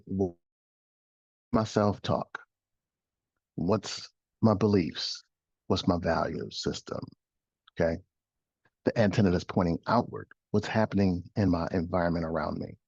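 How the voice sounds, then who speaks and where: A middle-aged man with a low, husky voice gives a motivational coaching talk. He is emphatic, repeats his phrases and asks rhetorical questions. The studio recording is dry and a little dull. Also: darkish tone, no echo. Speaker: host and life coach.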